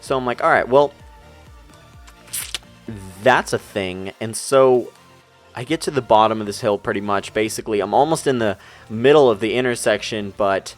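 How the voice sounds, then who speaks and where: A young man telling a story over gameplay commentary, rambling and excitable, talking fast. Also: on the low side. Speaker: gaming YouTuber. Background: faint music.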